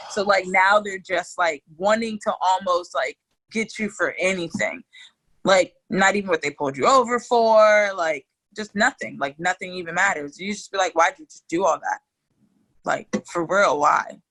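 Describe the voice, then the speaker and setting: A woman as a podcast guest, telling stories in a hyped, animated way, casual and swearing freely. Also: mid-range voice, moderate pace, poor audio.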